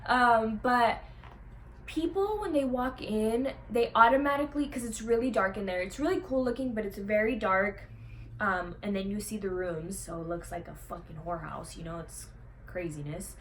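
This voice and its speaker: A woman's voice: medium pitch, normal speed, a little hiss or hum. A young woman vlogger telling a story in a chatty way, full of "like" and swearing, acting out what other people said. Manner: acts out what others said in lively quoted voices. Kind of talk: casual storytelling to camera.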